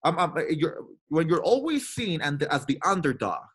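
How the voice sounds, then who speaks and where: A man's voice: a little high, big pitch swings, moderate pace, fairly bright tone, slightly rough. A man from Latin America in his thirties, giving an emphatic, repetitive motivational talk to his team and acting out the voices he quotes. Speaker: team trainer.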